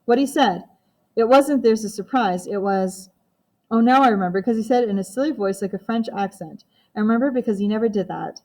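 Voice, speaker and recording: A woman's voice: a little high, a little fast, a little mellow, natural voice, poor audio. A woman reading an audiobook voices a blunt, impatient teenage girl, the older sister in the story. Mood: eager.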